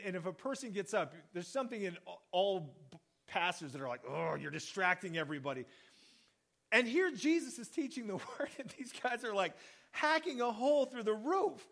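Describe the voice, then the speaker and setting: A male pastor preaches in a lively storytelling manner, acting out the quoted lines of the people in his story. His voice sits high for a man, and he chuckles now and then as he talks. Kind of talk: sermon.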